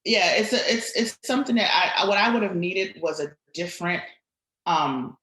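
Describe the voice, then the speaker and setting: A middle-aged woman, a guest on a podcast, talking reflectively in conversation and turning animated when she tells stories. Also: fairly low pitch, normal speed, reverberant, poor audio.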